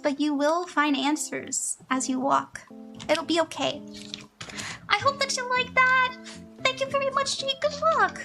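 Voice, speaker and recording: With a high-pitched, somewhat bright voice, a young woman reads tarot live for her audience. Faint music plays as she talks casually and emotionally to viewers, gushing and laughing often.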